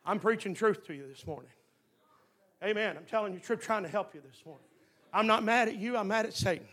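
Gravelly high-voiced preacher, shouting at peaks. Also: male voice. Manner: swings from quiet talk to shouted preaching, repeats words. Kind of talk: fiery revival sermon.

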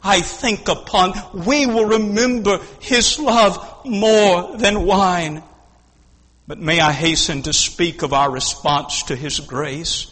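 A male preacher delivering a fervent sermon at a church service, swinging between hushed and shouted lines. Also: high voice, slow, in a large hall.

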